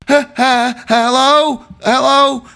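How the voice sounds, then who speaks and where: Man doing a squeaky frantic prank caller. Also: flat delivery, extremely slow, creaky, sharp tone, heavily acted. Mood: panicked. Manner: panicked, high and strained.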